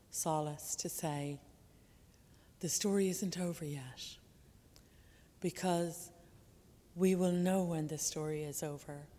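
A woman telling a personal story in a reflective way, slowing down on key words. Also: lowish voice, darkish tone. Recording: long hall reverb.

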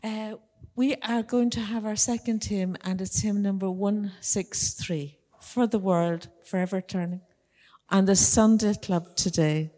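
A woman leading a church service, telling a once-upon-a-time story to the children in a gentle, animated way. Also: medium pitch, a little slow. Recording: long church reverb.

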